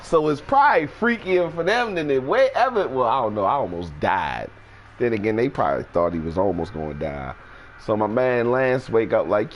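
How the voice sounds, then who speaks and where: A man telling a story in a casual, animated and profane way, jumping into high voices when quoting people. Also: moderate pace, a little hiss or hum. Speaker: storyteller host.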